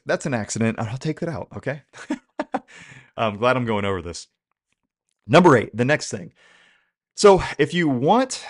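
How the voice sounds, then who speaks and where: A young man hosting a podcast, giving a relaxed, chatty spoken lesson and slowly repeating phrases for learners. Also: lowish voice. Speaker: podcast host teaching Spanish.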